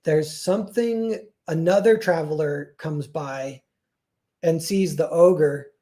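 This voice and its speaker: A man's voice: fairly high pitch, slow pace, warm tone. A man casually retelling a folk tale on a livestream, rambling and full of "like" and self-corrections. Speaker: streamer.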